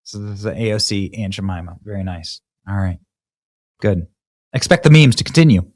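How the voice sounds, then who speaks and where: A man's voice: fairly low pitch, expressive, fairly quick, a little mellow. A man from Iowa hosting a show and giving sarcastic political commentary in a loose, conversational way. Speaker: host.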